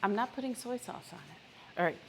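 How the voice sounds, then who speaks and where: A woman's voice: mid-range voice, animated, a little fast, gravelly, noisy background. A woman hosting a live cooking stream from her home kitchen, chatting casually and joking at herself while she cooks. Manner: chatty and self-deprecating, talks to viewers while cooking.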